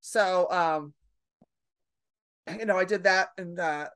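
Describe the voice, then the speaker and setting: A middle-aged woman comedian telling brash stories in a casual podcast chat, acting out her own reactions loudly. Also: on the low side, takes it slowly, clear, resonant tone, no echo. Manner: brash storyteller, loud animated re-enactments. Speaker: comedian guest.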